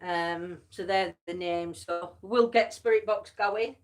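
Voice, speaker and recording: A woman's voice: on the low side, steady tone, slow pace. A woman hosting a casual livestream, chatty and teasing, tired and yawning. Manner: chatty, laughs often, teasing. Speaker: livestream host. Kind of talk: casual live chat.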